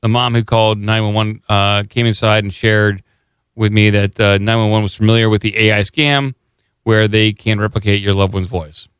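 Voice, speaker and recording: A man's voice: lowish voice, steady tone, normal speed, fairly bright tone, clean tone, no room sound. Wry man reading the news on a podcast. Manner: sarcastic, jokey asides. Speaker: podcast co-host. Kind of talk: casual chat, reading a news article aloud.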